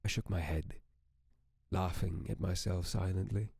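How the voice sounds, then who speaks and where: Man, very deep voice, dark and mellow, slow horror-story reading. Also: fairly even intonation, creaky, breathy edge, no echo. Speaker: streamer.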